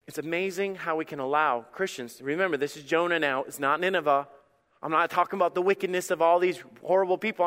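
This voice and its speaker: A man's voice: sits high, fairly bright tone, big-room sound. A male pastor preaching a sermon in an emphatic, conversational way, repeating phrases for effect.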